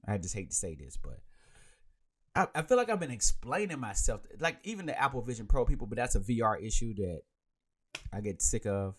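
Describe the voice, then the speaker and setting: A man's voice: mid-range voice, a little fast. A man hosting a podcast live, chatting casually and rambling, speaking into a handheld mic. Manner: animated and rambling, with many restarts. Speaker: podcast host. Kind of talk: casual chat on a live stream.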